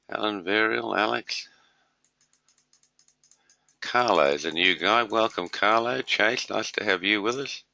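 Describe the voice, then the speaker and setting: A man's voice: on the low side, gravelly, pushed and bright, no echo. A middle-aged man from Australia with an Australian accent, hosting a trading webinar in a casual, rambling way with many filler words. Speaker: webinar host, trader. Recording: dull lo-fi dry audio.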